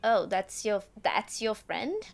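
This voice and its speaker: Woman putting on a haunted, aloof ex-nun; halting broken English, low gravelly voice. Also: very animated, a little mellow, heavily acted. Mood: haughty. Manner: broken English with a put-on accent; halting, hesitant, slow. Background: music.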